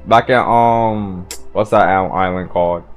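A man hosting a manga reaction, talking casually, profanely and excitably, with stammered restarts and sudden loud outbursts. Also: sits low, a little slow, faint music behind.

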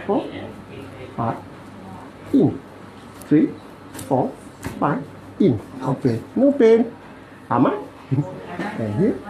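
A man's voice: on the high side, roomy sound, noisy background. A man with a Malaysian English accent, a bone-setting practitioner, commenting while he treats a patient, counting aloud and adding playful sound effects.

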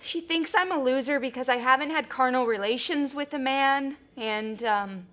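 A woman's voice: high-pitched, normal speed, fairly bright tone. An actress playing an earnest woman who overshares at a support group.

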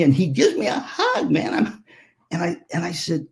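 Animated older man telling stories. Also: high voice, moderate pace, vocal fry. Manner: animated, acts out voices in anecdotes. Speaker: keynote speaker. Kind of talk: storytelling keynote. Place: virtual conference talk.

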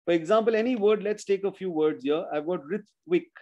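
A man's voice: sits high, fairly quick, darkish tone, highs cut off. A man teaching a spelling class over a video call, explaining rules step by step, correcting students and mixing in Hindi. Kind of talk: online class lesson.

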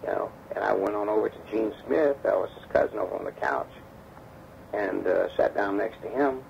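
Gravelly low-voiced guy telling a story in an interview, acts out what everyone said, muffled damaged tape w/ a bit of hiss. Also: normal speed. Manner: animated storyteller acting out quoted dialogue. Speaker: interview guest, former bodyguard.

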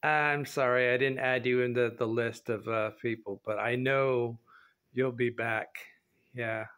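A man rambling in a casual, goofy vlog from an indoor showroom, laughing often and jumping from quiet mutters to loud high shouts. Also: fairly even intonation, unhurried, clean tone. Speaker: vlogger. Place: indoor showroom with a concrete floor.

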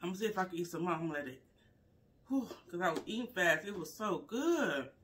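A woman's voice: fairly low pitch, fast, a little hiss or hum. A woman vlogger chatting casually to her viewers while eating a meal, humming "mm" between bites and talking with her mouth full. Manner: savoring food with frequent mm sounds, talking with mouth full; relaxed, chatty, addresses viewers as y'all. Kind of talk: casual live eating vlog.

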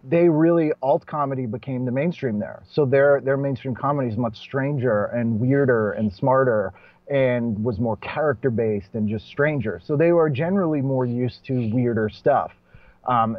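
On a podcast, this Boston comic chats casually, correcting himself mid-sentence and laughing between points. His medium-pitched voice moves at a moderate pace with no room sound, though the recording is dull and muffled.

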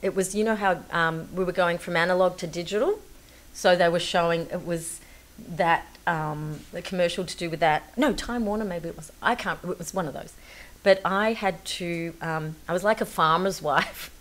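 A woman's voice: on the low side, moderate pace. Chatty woman telling anecdotes. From Australia. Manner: chatty, laughing storyteller, many fillers. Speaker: guest actress. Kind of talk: casual talk-show anecdotes.

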